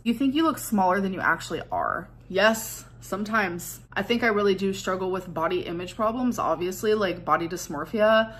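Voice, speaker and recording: A woman vlogger speaks in a rambling, confessional way and keeps filling her sentences with "like". Her voice sits at a middle pitch, and her tone stays reflective. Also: animated, moderate pace, few pauses, a bit bright, a little hiss or hum. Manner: rambling, reflective, heavy use of "like". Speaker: vlogger in a played clip. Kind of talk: casual confessional vlog talk.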